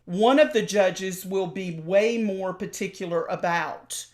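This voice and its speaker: Animated older Southern woman telling stories. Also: mid-range voice, measured pace. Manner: animated storyteller, acts out quoted voices. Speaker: opera singer and voice teacher, guest. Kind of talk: casual interview over video call. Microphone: video call.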